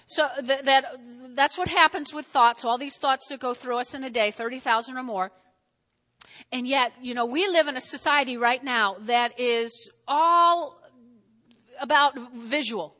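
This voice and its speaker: Woman pastor, high and bright, chatty animated preaching, big reverberant hall. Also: a little slow. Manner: animated, conversational preaching with repeated "okay?". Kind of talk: sermon.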